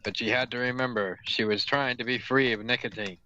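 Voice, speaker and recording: A man's voice: mid-range voice, steady tone, brisk, bright, forceful tone, a little hiss or hum. Man reading fan fiction aloud for laughs. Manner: reads aloud, stumbles and corrects words, laughs mid-sentence. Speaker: reader and host. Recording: dull lo-fi audio, dry room.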